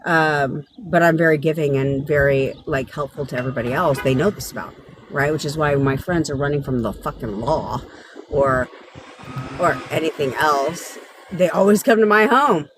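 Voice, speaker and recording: A woman from Southern California rants on a live stream as a manifestation coach, blunt and full of swearing, laughing often. Her voice sits a little low. Faint noise hums under the recording. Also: moderate pace.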